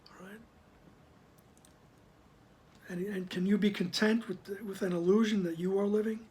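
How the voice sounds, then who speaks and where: Soft-spoken man reading and reflecting. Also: high voice, steady tone. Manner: soft-spoken, often sinks to a whisper; slow, emphatic reading of passages. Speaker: spiritual text reader and teacher. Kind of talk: reading aloud with reflective commentary.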